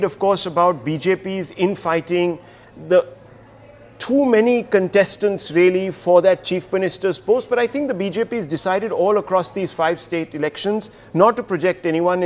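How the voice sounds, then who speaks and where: A man giving measured, analytical commentary as a studio panelist on a news show. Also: sits high. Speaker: consulting editor, studio panelist.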